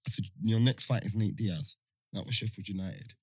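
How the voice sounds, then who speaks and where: A man's voice: fairly low pitch, moderate pace, breathy edge, no echo, studio quality. A young man, co-hosting a casual podcast chat with joking, slangy banter. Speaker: podcast co-host.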